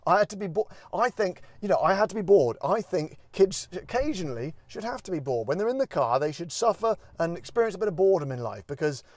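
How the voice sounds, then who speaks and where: A man's voice: sits high, sing-song, fast, hardly any pauses, darkish tone, no echo. A man hosting a casual car walkaround review, rambling with jokey, self-deprecating asides. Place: in and around a parked car.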